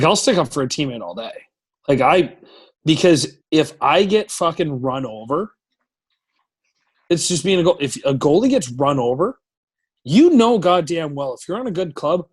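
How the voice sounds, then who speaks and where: Profane, animated man telling hockey stories. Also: fairly high pitch, unhurried, husky. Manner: profane, animated storyteller who acts out shouting. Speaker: professional hockey goaltender, podcast guest. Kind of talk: casual storytelling interview.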